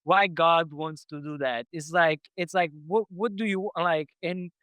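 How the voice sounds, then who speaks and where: A man hosting a podcast interview, speaking as an in a halting way full of restarts and fillers. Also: fairly high pitch, steady tone, a bit bright, clean tone, dry recording. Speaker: podcast host. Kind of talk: conversational interview.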